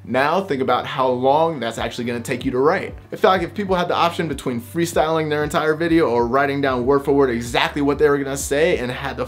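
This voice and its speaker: A man at a mid-range pitch talks straight to the viewer in a casual tutorial. His delivery is direct and conversational, and soft music plays faintly underneath. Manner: direct, conversational, speaks off bullet points. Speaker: YouTube creator giving tips. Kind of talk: casual talking-head tutorial.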